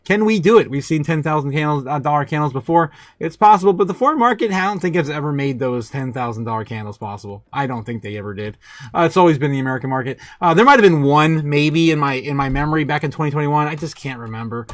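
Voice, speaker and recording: Excitable male livestream host. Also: fairly high pitch, quick pace, no echo, studio quality. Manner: excitable, laughing, reading viewer chat aloud. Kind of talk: livestream market chat.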